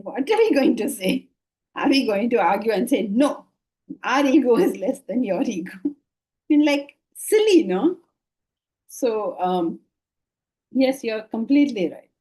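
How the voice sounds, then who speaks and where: An older woman with an Indian English accent giving a spiritual lecture on scripture, lively and full of rhetorical questions and laughter. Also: a little high, a little slow, pauses often, breathy edge, low-quality recording. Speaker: Vedanta teacher.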